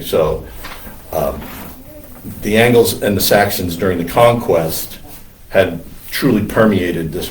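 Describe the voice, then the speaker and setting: A priest lecturing on church history in a classroom, wandering into digressions with many ums and uhs. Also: male voice, fairly low pitch, a little hiss or hum. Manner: discursive, digressive with many fillers. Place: classroom with students. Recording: roomy classroom from far off.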